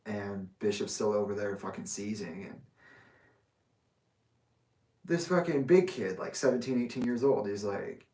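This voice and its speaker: A man's voice: lowish voice, measured pace, pauses often, warm tone. A man casually telling a personal story in a rambling, profane way, laughing often. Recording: echoey room, mic far off.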